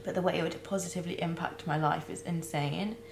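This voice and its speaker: Brief: young woman, lowish voice, halting and near tears, in an echoey room with a faint hum. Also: fairly even intonation, vocal fry. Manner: halting, searching for words, many fillers and restarts. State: close to tears. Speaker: vlogger. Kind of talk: candid personal vlog.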